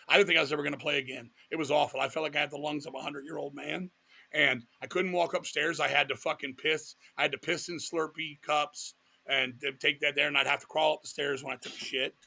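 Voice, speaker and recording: A middle-aged man from Virginia recounts his story in a candid interview. His voice is gravelly with a bright, forward edge and sits slightly high. He talks bluntly and swears freely, animated throughout. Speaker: guest musician.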